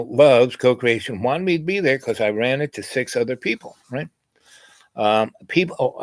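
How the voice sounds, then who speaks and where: A man's voice: mid-range voice, no echo. A man telling a meandering personal story in a casual vlog, full of "you know" asides. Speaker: spiritual vlogger.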